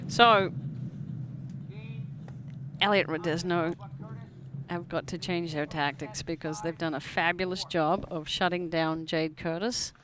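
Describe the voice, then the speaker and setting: A woman giving live sports commentary on a match, analytical and quick to laugh. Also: fairly low pitch, steady tone, crowd noise. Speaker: platform tennis commentator.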